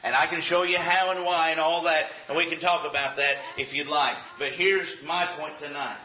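A man's voice: fairly high pitch, steady tone, moderate pace, slight background noise. A man preaching a sermon in a folksy, conversational way with acted asides. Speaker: pastor. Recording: dull lo-fi recording.

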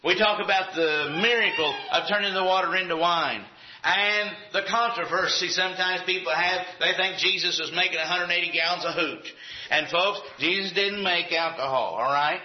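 A man's voice: high voice, moderate pace. Folksy preacher man, lo-fi sound. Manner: folksy, conversational preaching with acted asides. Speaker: pastor. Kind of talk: sermon. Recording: dull lo-fi recording.

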